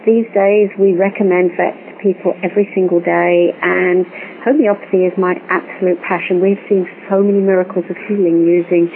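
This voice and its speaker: A woman guest telling a long personal story in an animated way, recorded over a phone line. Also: on the low side, moderate pace. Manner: animated storytelling, acts out quoted voices. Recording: tinny phone line with faint hiss.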